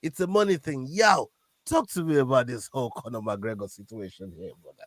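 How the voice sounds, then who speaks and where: A man co-hosting a casual fight-sports podcast, talking in an animated way that often stammers and restarts when he gets worked up. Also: mid-range voice, a little fast, no echo, clean studio sound. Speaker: podcast co-host. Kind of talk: casual MMA chat.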